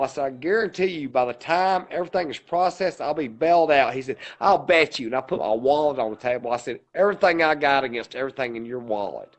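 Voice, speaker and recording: A man's voice: medium pitch, fast, hardly any pauses, low-quality recording. A man, co-hosting a podcast, who tells a long story in a rambling way and quotes every line with "he said, I said.". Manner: rambling retelling with many "he said, I said" quotes. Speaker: podcast co-host. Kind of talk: casual storytelling.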